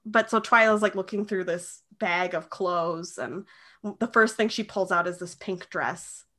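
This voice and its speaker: Woman podcast co-host; bright, casual, giggly. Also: lowish voice, unhurried. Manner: chatty, many "like" fillers, giggly. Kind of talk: casual chat recapping a show.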